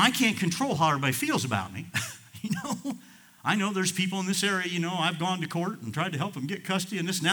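A pastor preaches in a bright, forceful voice. He tells folksy stories in a chatty way, then climbs into loud, emphatic bursts. The man sounds like he is in his own pulpit. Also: on the high side. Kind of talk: sermon.

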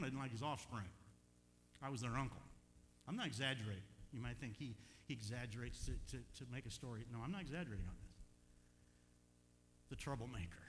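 Older pastor, animated preaching in echoey hall. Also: male voice, mid-range voice. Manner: animated storytelling, swinging from quiet asides to loud emphatic peaks. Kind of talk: sermon. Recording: echoey hall with faint hum.

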